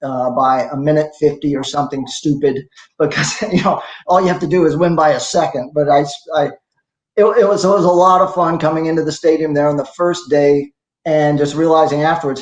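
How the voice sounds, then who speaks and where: An older man in his sixties, a bit high-pitched, recounts his athletic experiences in a loose, self-deprecating way, often restarting his sentences. His voice carries a noticeable room echo. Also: brisk. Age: 60s. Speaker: masters CrossFit athlete guest. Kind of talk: casual interview storytelling.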